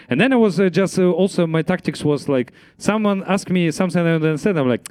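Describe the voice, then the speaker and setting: A young comedian with as his tells stories, his voice climbing and falling in wide swings and sitting a little high. He talks in an animated way, packed with fillers and bursts of laughter. The sound is close and dry. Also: a little fast, few pauses, no echo. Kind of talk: casual panel chat on stage.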